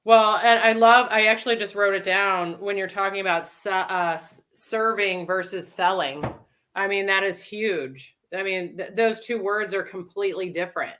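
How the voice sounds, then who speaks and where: A woman's voice: mid-range voice, moderate pace, a bit bright. A woman chatting enthusiastically in a webinar and restarting her sentences often. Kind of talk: casual chat.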